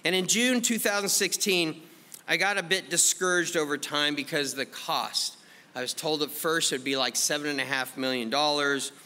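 Bright-voiced storytelling pastor. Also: male voice, a little high, long reverb tail. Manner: animated storytelling, acts out his own past remarks. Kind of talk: testimony sermon.

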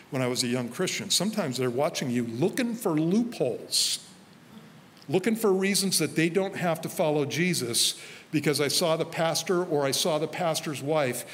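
A man preaching a sermon as pastor, telling personal stories in a relaxed conversational way. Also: on the high side. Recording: faint hall reverb with light noise.

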